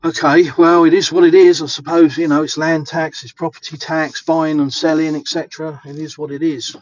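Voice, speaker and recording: A man's voice: on the high side, flat delivery, fairly quick, highs cut off. An English man vlogging casually outdoors in the snow, chatty and rambling with lots of fillers. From England. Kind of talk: casual walking vlog.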